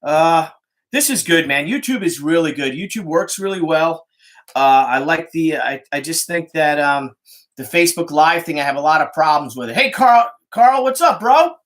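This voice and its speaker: A man's voice: fairly high pitch, lively intonation, normal speed, a bit bright. A middle-aged man with a New York Italian-American accent, chatting casually on a livestream, rambling, swearing freely and greeting viewers by name. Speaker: comic artist hosting a livestream. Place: indoors, home studio with art supplies. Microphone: phone.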